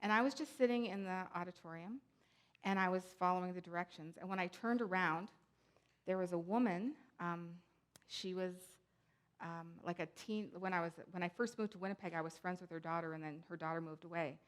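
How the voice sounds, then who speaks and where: A woman's voice: lowish voice, brisk. A woman who directs a community centre, giving a conference talk in a chatty, digressive way full of asides.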